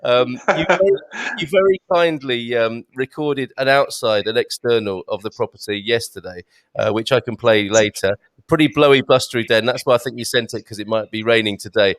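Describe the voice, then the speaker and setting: A man's voice: fairly low pitch, brisk, clean tone, dry recording. A man hosting a live stream, chatting through viewer comments with friendly banter and stumbling restarts.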